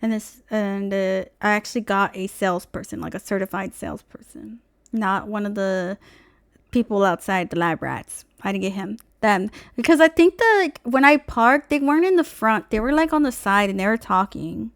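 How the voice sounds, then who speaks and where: A young woman vlogger telling a story in an exasperated, profane, animated rant. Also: mid-range voice, moderate pace, no room sound, studio quality.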